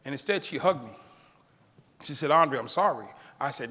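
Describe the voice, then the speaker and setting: A man's voice: medium pitch, fast. A middle-aged man telling a personal story to an audience, acting out the people in it and laughing at his own lines. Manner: animated, acts out quoted voices. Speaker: keynote speaker. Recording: long hall reverb.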